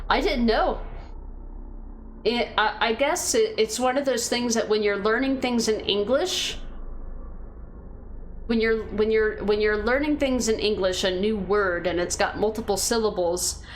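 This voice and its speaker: A woman's voice: mid-range voice, measured pace, long pauses, slight background noise. A woman streaming a game, chatting casually with her viewers and thinking aloud with fillers and restarts. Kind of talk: casual chat reading viewer comments.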